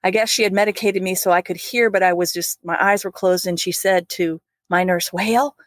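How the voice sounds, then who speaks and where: A woman's voice: lowish voice, level tone, a little fast, no echo. Earnest woman telling her story, dry sound. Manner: earnest, vivid retelling with laughs and restarts. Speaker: guest, flight nurse. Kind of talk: personal storytelling interview.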